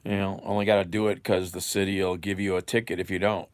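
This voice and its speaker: This streamer's voice sits low and level, and he talks fast with no echo. While eating during a casual livestream chat, he rambles through viewer comments, chuckling as he reads them.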